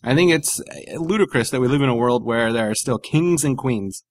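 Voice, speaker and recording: A man's voice: mid-range voice, moderate pace, no echo. A man co-hosting a comedy podcast in casual chat, rambling and swearing with lots of fillers and jokes. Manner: rambling, profane, jokey, many fillers. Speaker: podcast co-host.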